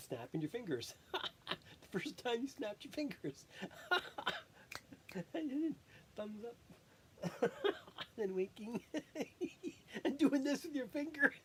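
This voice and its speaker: A person rambling through a self-recorded monologue, halting and often breaking into laughter while catching their breath. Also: medium pitch, very animated, slight background noise.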